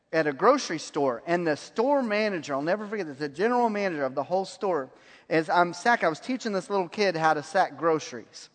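A man's voice: high-pitched, fairly bright tone. A man preaching a sermon, telling stories and laughing at his own anecdotes. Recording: long hall reverb.

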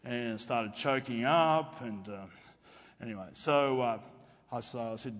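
A middle-aged man preaching a testimony sermon to a congregation, talking in a halting way with many fillers and restarts. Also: mid-range voice, a bit bright. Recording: long reverb of a hall.

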